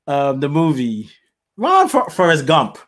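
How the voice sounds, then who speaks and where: A man hosting a live show in a casual monologue, speaking with a mixed British, Nigerian and Southern US accent. He is chatty and animated and laughs often. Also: fairly high pitch, a little slow. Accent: mix of British, Nigerian and Southern US. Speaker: host.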